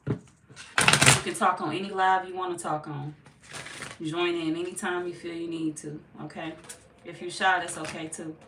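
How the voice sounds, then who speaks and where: A woman hosts a tarot live stream, her low voice a little hoarse and loose with slang and swearing. She sits back from the mic in an echoey room, with a faint hiss underneath. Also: fairly even intonation, normal speed, long pauses, recorded from a distance. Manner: casual, greets viewers by name, swears freely. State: slightly hoarse, feels she is losing her voice. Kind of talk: casual live-stream chat and tarot reading.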